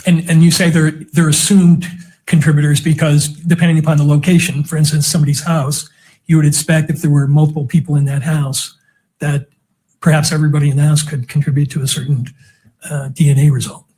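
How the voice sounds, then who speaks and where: A man's voice: on the high side, flat delivery, a little fast, dark tone, husky. A man cross-examining a witness in a courtroom with methodical, leading questions. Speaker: defense attorney.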